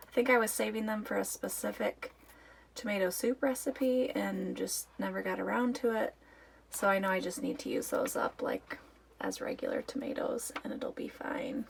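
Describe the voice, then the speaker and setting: A woman's voice: medium pitch, creaky, a little hiss or hum. A woman in her thirties chatting casually as she walks through her home storage and pantry, thinking aloud with fillers. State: out of breath after the stairs. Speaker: homemaking vlogger. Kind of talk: casual walk-through vlog.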